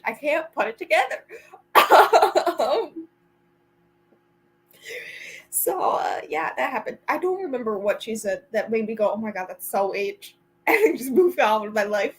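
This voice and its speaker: Giggly, chatty woman with a higher voice. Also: lively intonation, measured pace, pauses often, fairly bright tone, poor audio. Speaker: vlogger hosting reading sprints. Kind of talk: casual chat to a friend.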